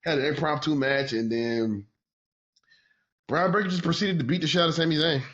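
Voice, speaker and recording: A man co-hosting a casual wrestling podcast, talking in a profane, excitable way and laughing often. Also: fairly high pitch, brisk, dull audio. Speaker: podcast co-host.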